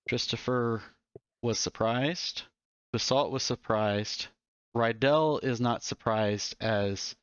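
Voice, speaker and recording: A man running a tabletop game as dungeon master, calmly explaining rules and narrating enemy moves. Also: lowish voice, smooth, dry recording. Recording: dry, slightly dull mic.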